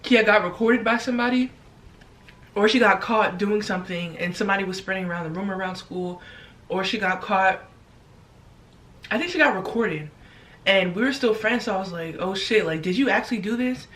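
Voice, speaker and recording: A woman's voice: mid-range voice, normal speed, pauses often, a bit bright, recorded from a distance. A young woman telling a story casually while eating in her bedroom, blunt and chatty, swearing freely. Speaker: vlogger.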